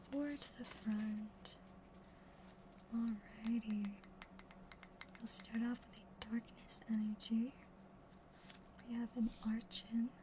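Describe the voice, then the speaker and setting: A young adult woman whispering softly and unhurriedly in an ASMR style while opening card packs. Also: a little high, background noise.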